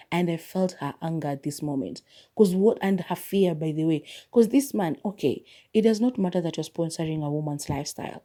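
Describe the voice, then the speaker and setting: Low-voiced woman chatting about a film. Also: mellow. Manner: chatty retelling with quoted voices and filler words. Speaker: podcast host. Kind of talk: casual movie review.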